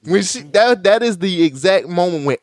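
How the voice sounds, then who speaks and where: A man hosting a podcast, retelling film scenes in a lively, laughing casual chat. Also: sits high, normal speed. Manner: animated storytelling, laughing. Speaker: podcast host.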